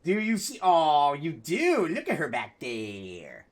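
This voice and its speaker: A man's voice: a little high, wildly swooping pitch, slow. A man streaming a video game, chatting casually and joking with viewers and his dogs.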